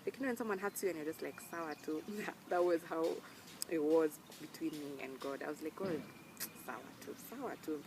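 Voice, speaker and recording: A young woman talking earnestly to camera, emphatic and animated when she quotes people. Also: deep voice, fairly quick, background noise. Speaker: vlogger. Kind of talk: casual personal talk to camera.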